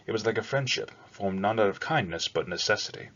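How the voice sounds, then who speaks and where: Deep-voiced man reading a novel aloud. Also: animated, fairly quick, few pauses, a bit bright. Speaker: narrator. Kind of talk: audiobook narration. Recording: dull lo-fi recording.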